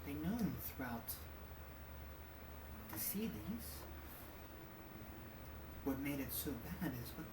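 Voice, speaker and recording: Very deep-voiced woman running a tabletop game. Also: sing-song, slow, long pauses. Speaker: game master. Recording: echoey room, far from the mic, noisy.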